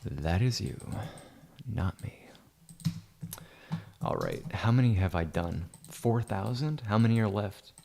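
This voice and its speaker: A man's voice: on the low side, lively intonation, slow pace, creaky, long pauses, background noise. A man hosting a photo-editing livestream, talking in a rambling, mock-grandiose and sarcastic way, with keyboard clicks behind him. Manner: mock-grandiose, sarcastic, insulting viewers in jest.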